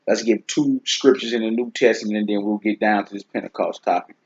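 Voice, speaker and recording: A man's voice: fairly low pitch, steady tone, a little fast, slightly rough. A man hosting a casual Bible teaching talk, speaking in a laid-back, conversational way and often checking "you see what I'm saying?". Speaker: host teaching scripture. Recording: dull lo-fi recording.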